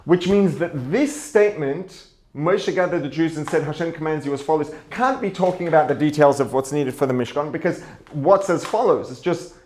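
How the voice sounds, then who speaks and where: A man with a fairly high voice teaches a religious lesson as a rabbi. He works through the text aloud, circling back to rephrase his points. He keeps asking rhetorical questions. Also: a little mellow. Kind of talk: explaining a text to an audience.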